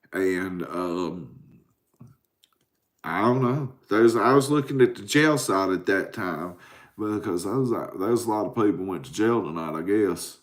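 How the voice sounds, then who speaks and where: A man in his forties rambling and cussing on a late-night livestream, tired and answering viewers. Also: on the low side. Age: 40s. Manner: rambling, profane, drowsy. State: tired from a caffeine crash. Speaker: livestream host.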